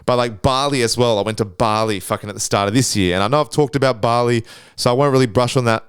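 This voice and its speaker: Young guy rambling travel stories, swears a lot, smooth clear voice, dry close mic. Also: medium pitch, quick pace, no room sound. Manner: rambling, profane, laid-back. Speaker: podcast host. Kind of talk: casual storytelling.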